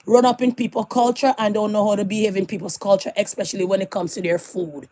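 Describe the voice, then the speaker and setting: A woman's voice: medium pitch, steady tone, fast talker, few pauses, a little mellow. A woman giving sassy celebrity gossip commentary as a vlogger, laughing often between her remarks.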